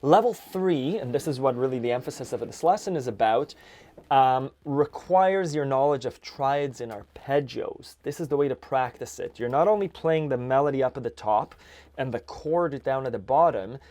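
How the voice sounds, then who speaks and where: A man teaching an accordion lesson, explaining chords and counting beats in a relaxed way. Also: medium pitch, moderate pace. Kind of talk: music lesson. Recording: accordion music loud in background. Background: accordion playing.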